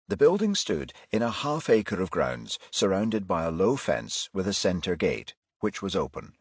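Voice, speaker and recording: A male audiobook narrator reading in a measured, steady way, his low voice slightly husky. Recorded close and dry, with no room around it. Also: dry recording. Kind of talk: scripted narration.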